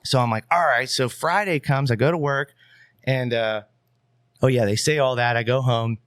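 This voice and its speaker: A man's voice: medium pitch, normal speed, no room sound, clean studio sound. A young adult man, a podcast guest, telling a long rambling story in casual talk with plenty of fillers. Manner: rambling, animated, many fillers.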